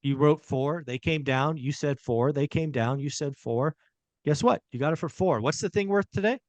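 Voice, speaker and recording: Emphatic higher-voiced man, dry sound. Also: moderate pace, no room sound. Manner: emphatic, repeats key points. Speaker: podcast host. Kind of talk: casual real estate chat.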